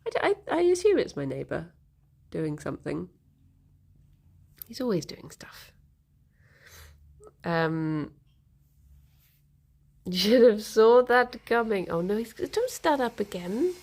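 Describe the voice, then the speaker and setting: A young woman streamer chats and giggles with her viewers in an unhurried way. Her voice has a gravelly, fry-tinged edge. She answers comments one after another. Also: medium pitch, very animated, a little mellow. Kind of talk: casual live-stream chat.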